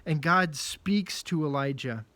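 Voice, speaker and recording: Man, children's pastor, casual storytelling, bit higher voice, dry close sound. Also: unhurried, no room sound. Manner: lively, casual storytelling with jokes. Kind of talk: children's Bible message.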